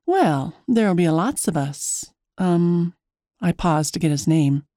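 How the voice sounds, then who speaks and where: A woman tells a first-person story in a chatty, wry way and pokes fun at herself. Her tone is mellow and soft-edged. The sound is dry and close. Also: lowish voice, lively intonation, slow pace, dry recording. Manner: chatty, wry, self-mocking. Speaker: narrator.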